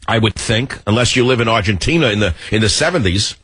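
A man's voice: medium pitch, lively intonation, quick pace, few pauses, a bit bright, breathy edge. A male radio talk show host delivering a combative, sarcastic monologue.

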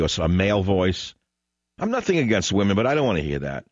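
A male talk radio host who rants in a sarcastic, combative way. His low voice swings widely in pitch as he works himself up. The sound is dry and slightly dull, like a lo-fi broadcast. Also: sing-song, moderate pace, no echo.

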